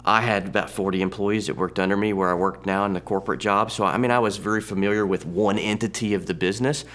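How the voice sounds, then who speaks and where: A man in his thirties sharing a personal testimony in a halting, conversational way, often restarting his sentences. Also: lowish voice, fairly even intonation, a bit bright. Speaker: church testimony speaker.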